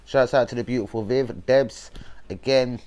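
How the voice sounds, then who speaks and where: A man's voice: mid-range voice, fairly even intonation, normal speed, a little mellow. A young man with a London accent, hosting a fan channel livestream as a blunt, sweary rant full of slang. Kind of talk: casual football rant livestream.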